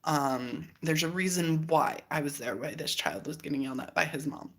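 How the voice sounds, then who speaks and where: Host, woman, 30s, low pitch, candid reflective monologue with animated quoted asides. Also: moderate pace. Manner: candid, animated storytelling with laughs and acted-out quotes.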